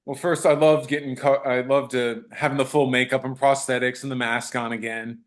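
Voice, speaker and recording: A man, an actor being interviewed, telling fan encounters in a casual, animated way, acting out quotes and restarting sentences. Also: mid-range voice, brisk.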